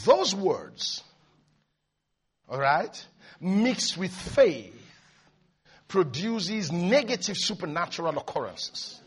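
A man preaching a sermon, swinging between quiet asides and high, excited shouts. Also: moderate pace, breathy edge.

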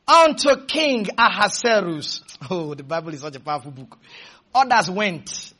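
A male pastor preaching a fervent sermon, leading the congregation in call-and-response and switching between shouted declarations and quick, playful asides. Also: high voice, big pitch swings, a faint crowd.

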